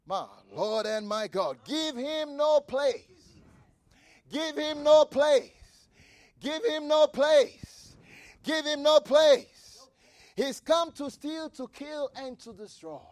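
A man preaching a fervent sermon, repeating phrases, shouting key lines and reading scripture aloud. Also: extremely high pitch, slow, no echo. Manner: reads scripture aloud and comments with asides.

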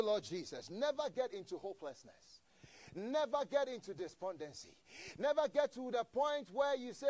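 A man's voice: high voice, darkish tone, no echo. A man preaching a sermon, emphatic, with repeated stammering restarts and quoted characters acted out.

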